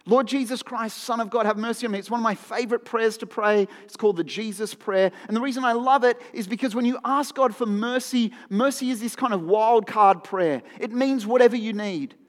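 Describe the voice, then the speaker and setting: Man, high voice, earnest conversational sermon, long hall reverb. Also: brisk, few pauses. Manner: conversational, earnest, repeats phrases for emphasis. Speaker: preacher.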